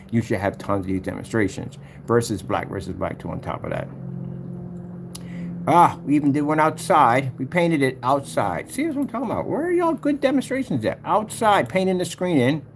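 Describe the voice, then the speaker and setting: A man's voice: lowish voice, vocal fry. Guy rambling over his demo videos, humming bum bum, voice jumps all over, faint room hum. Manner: rambling, hums filler sounds, boastful, combative. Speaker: projector screen paint maker. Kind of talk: rambling screen-recording vlog.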